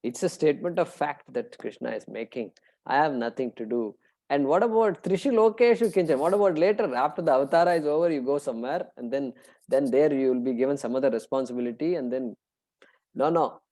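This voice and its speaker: A middle-aged man leads a scripture class in a relaxed, conversational way. His voice sits at an ordinary middle pitch. He talks loosely with plenty of fillers and slows down to chant Sanskrit terms. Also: poor audio. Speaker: Vedanta teacher.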